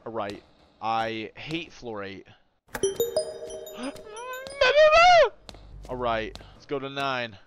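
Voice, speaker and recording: A young man giving casual, profane commentary while playing a horror game, yelping and shouting when something startles him. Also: fairly low pitch, measured pace, over loud music. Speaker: gaming video creator.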